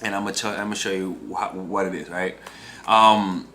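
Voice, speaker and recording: A man's voice: deep voice, steady tone, a little fast, bright, forceful tone, a little hiss or hum. A man in his twenties, a dating coach talking casually to camera, restarting phrases and often tagging on "right?". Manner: talks in loose restarts and checks in with "right?".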